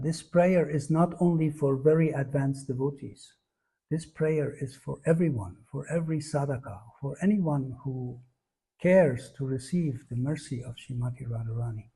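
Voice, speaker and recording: A man's voice: fairly high pitch, gravelly, mellow, breathy edge. A man giving a devotional lecture, earnest and searching, with many fillers and repeated words for emphasis. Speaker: spiritual teacher.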